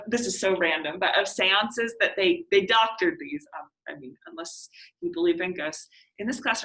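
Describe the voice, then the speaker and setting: Bright-voiced young woman teaching literature. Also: medium pitch, rough recording. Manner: chatty, laughs often, frequent fillers. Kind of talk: class discussion lecture.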